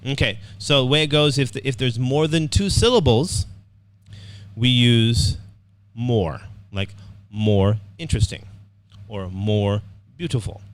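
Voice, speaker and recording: A man's voice: medium pitch, measured pace, dry recording. Upbeat man teaching an online class. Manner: upbeat, repeats words, checks in with "okay". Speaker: English writing teacher.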